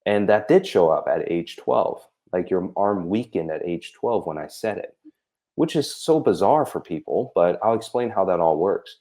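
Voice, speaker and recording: A man's voice: low voice, lively intonation, moderate pace, warm tone. A man working as a holistic practitioner, explaining his practice in conversation and acting out exchanges between himself and a patient, with many fillers.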